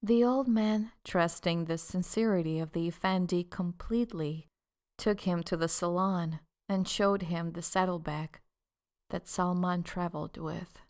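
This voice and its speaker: A woman reads an audiobook in a measured, deliberate manner. Her voice sits on the low side. She takes her time over every phrase. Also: a little mellow. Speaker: audiobook narrator. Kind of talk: scripted narration.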